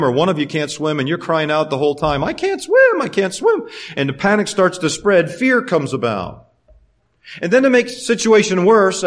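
A man preaching a sermon, animated, swinging from loud passages to hushed ones and acting out the quoted voices. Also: fairly high pitch.

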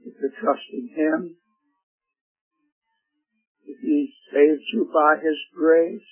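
An older man preaching a gentle, emphatic sermon on the radio and asking his listeners questions. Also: on the high side, fairly even intonation, slow, slightly rough. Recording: tinny phone-like radio broadcast with faint music.

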